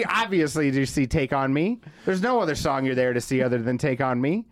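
A man's voice: medium pitch, brisk, no echo. A man co-hosting a podcast, telling loose, profane stories in casual chat, full of "like" and "man". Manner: animated, profane storytelling with frequent "like" and "man". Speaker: podcast co-host.

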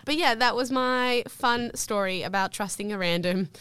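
A young woman co-hosting a podcast, telling a travel story in a lively way, acting out the people she quotes and laughing often. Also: a little high, moderate pace, clean tone, no room sound. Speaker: podcast co-host. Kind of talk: casual chat, storytelling.

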